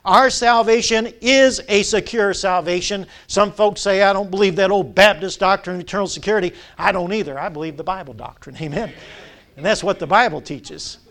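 A man preaching from the pulpit in a high, lifted voice. He stretches key words out slowly for weight and pauses to let the congregation call back the answers. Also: a bit bright. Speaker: pastor. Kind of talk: sermon.

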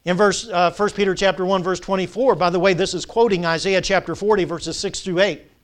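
A man's voice: sits high, fairly even intonation, a little fast. A male Baptist pastor, preaching a sermon, drawing out key words and prompting the congregation to answer. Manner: call-and-response with the congregation.

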